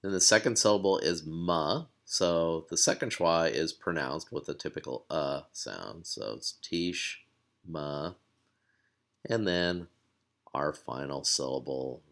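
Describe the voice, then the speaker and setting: A man with a very low voice walks through a language lesson at a slow, measured pace. He explains patiently, pausing on fillers and repeating himself now and then. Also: a bit bright. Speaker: language teacher.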